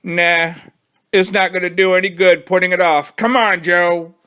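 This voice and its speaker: A man's voice: high-pitched, steady tone, moderate pace, sharp tone, smooth, pitched above the performer's own voice. A man voicing a sulky, scheming young boy in a storybook read-aloud, in a raised voice. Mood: glum.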